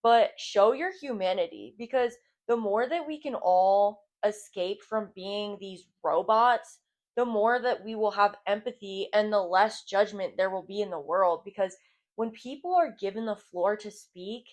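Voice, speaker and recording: A woman's voice: mid-range voice, unhurried. Chatty young woman podcasting solo. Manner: candid, chatty, swears freely, lots of "like". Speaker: podcast host. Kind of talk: casual solo podcast monologue.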